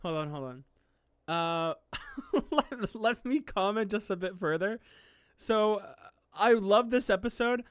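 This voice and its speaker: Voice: medium pitch, a bit bright, clear, resonant tone, no room sound. A streamer chatting casually while reacting to an anime, gushing, often laughing, and close to tears with emotion. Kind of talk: casual live-stream chat.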